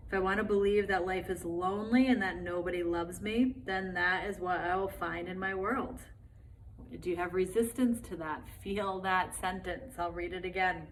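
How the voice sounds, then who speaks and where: A woman leads a self-love lesson in a relaxed, conversational way, often checking in with "right?" and "like". Her voice sits slightly low for a woman. A faint background noise runs under the recording. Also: measured pace. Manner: casual, encouraging, many fillers like "right?" and "like". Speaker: self-love course teacher. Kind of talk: spoken course lesson.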